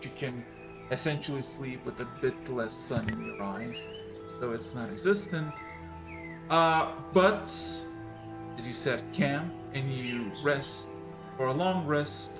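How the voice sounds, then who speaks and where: Slow, halting man running the game. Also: medium pitch, music in the background. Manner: hesitant, many filler sounds. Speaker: game master. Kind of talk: narrating a tabletop game.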